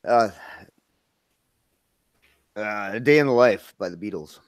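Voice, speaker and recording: Man, 50s, low voice, laughs a lot, casual chat, dry sound. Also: expressive, a little slow, no echo. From Minnesota. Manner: laughs often, easygoing. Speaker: guest. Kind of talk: casual live-stream chat.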